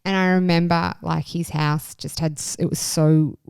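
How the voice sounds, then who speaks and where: A woman's voice: deep voice, little pitch movement, moderate pace, creaky, darkish tone, clean tone, dry recording. A woman hosting a podcast, chatty and enthusiastic in casual chat. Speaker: podcast host.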